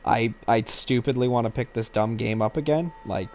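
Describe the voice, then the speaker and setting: Excitable, foul-mouthed young man. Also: medium pitch, moderate pace, a little hiss or hum. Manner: profane, excitable, laughs often. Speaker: co-host. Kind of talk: casual gaming chat.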